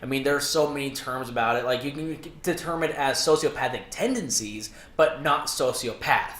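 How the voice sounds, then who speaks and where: A man co-hosting a podcast in casual chat, crude and quick to laugh, swearing freely. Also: medium pitch, fairly bright tone. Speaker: podcast co-host. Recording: roomy echo.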